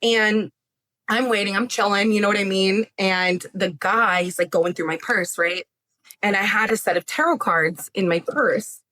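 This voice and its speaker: Animated woman telling a story. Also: mid-range voice, normal speed. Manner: animated, laughing, acts out voices. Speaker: psychic medium, podcast guest. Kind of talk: casual storytelling.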